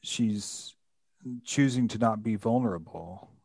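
A man's voice: lowish voice, takes it slowly, gravelly, a little mellow, no room sound, clean studio sound. A man hosting a casual book discussion, thoughtful and hesitant, with many fillers and restarts. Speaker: podcast host.

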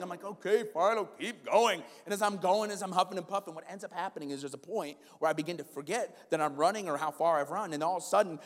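Man, 40s, pastor preaching a sermon, shifts from loud to quiet, church hall reverb. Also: fairly high pitch, expressive, fast talker, hardly any pauses. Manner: swings from loud preaching to soft storytelling.

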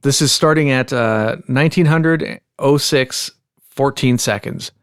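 A man's voice: mid-range voice, measured pace, smooth, dry recording, clean studio sound. A man hosting a podcast, chatty and joking, talking straight to listeners. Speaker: podcast host. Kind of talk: casual podcast chat.

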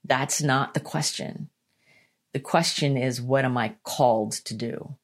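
A woman giving a motivational self-help talk, earnest and emphatic, repeating her key lines and slowing down to stress them. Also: very deep voice. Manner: slows down to stress points. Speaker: motivational speaker.

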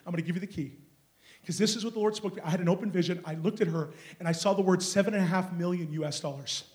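Male preacher, high voice, storytelling sermon with hushed and loud swings. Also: rapid-fire. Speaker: guest preacher. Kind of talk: charismatic sermon. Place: church sanctuary.

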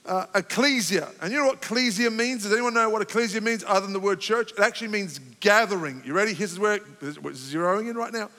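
Male pastor, high bright tense voice, fervent sermon delivery, big reverberant church sound. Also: fairly quick, hardly any pauses. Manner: impassioned, rising to fervent emphasis then calming. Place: church sanctuary.

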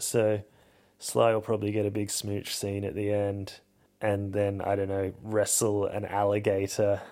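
A man's voice: on the low side, a little mellow. A man hosting a podcast alone, giving casual film commentary in a rambling, wry and self-mocking way. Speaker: podcast host.

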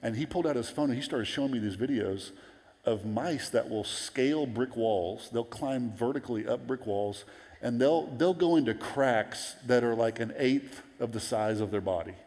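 Animated preacher in a reverberant hall. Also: male voice, mid-range voice, moderate pace. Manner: animated storytelling, acting out quoted voices. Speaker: pastor. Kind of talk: sermon.

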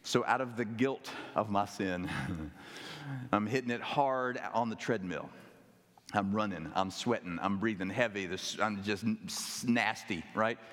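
A male pastor preaching a sermon with dramatic pauses and wry humor. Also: fairly low pitch, fairly bright tone. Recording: echoey hall.

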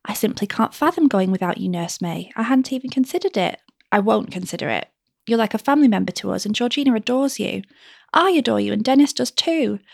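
A woman voicing an eager, chattering young wealthy mistress who pleads and gushes, with a dry, gravelly edge to her voice. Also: mid-range voice, sing-song, fairly quick, few pauses, no room sound. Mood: pleading. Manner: gushing, pleading, rising.

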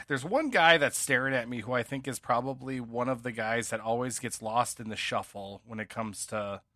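Bright-voiced man chatting casually. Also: medium pitch, no echo, studio quality. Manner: rambling, many fillers and restarts. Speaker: podcast co-host. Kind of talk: casual sports podcast chat.

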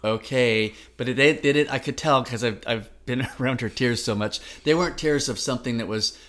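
A man's voice: medium pitch, fairly quick, a bit bright. A middle-aged man co-hosting a podcast, talking in an earnest, encouraging way. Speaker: podcast co-host. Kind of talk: casual chat.

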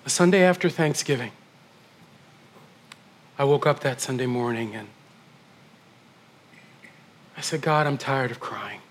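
A middle-aged man preaching a sermon as pastor, swinging from loud emphatic declarations to hushed, almost whispered passages. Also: mid-range voice, unhurried, pauses often, a little hiss or hum.

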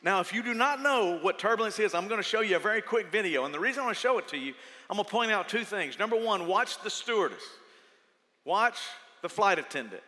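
A middle-aged man preaching a sermon as pastor, telling stories with lively energy and shouting at the peaks. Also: sits high, fast, long reverb tail. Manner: animated storytelling, shouting at peaks.

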